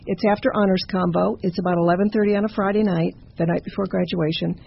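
A woman tells a campfire ghost story in a chatty, conversational way, with stumbling asides. Her voice is gravelly and slightly husky. The recording sounds dull and muffled. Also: lowish voice, steady tone, quick pace.

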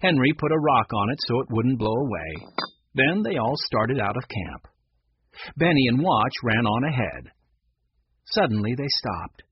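A man narrating a children's storybook with a lively, expressive reading. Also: medium pitch, unhurried, slightly rough, dry recording, dull audio.

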